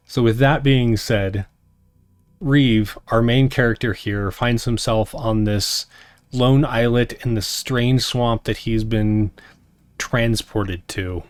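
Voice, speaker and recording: A man hosting and narrating a solo tabletop game on a stream in a slow, deliberate storytelling voice. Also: mid-range voice, no room sound. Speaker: game master and host.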